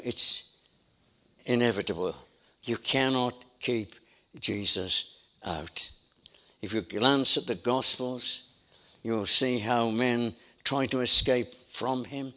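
A man's voice: mid-range voice, sharp tone. A man preaching a sermon in an emphatic style, building his points through repetition. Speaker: pastor.

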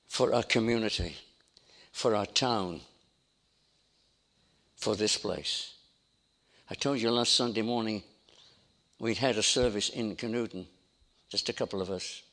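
A man's voice: fairly low pitch, a bit bright. A man preaching a sermon in an emphatic style, building his points through repetition. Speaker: pastor.

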